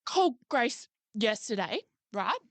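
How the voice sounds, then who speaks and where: A young woman co-hosting a podcast, telling stories in an animated way with swearing. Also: fairly high pitch, a little slow, no echo. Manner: animated storyteller, swears, acts out quotes. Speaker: podcast co-host. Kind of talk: casual chat. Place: podcast studio.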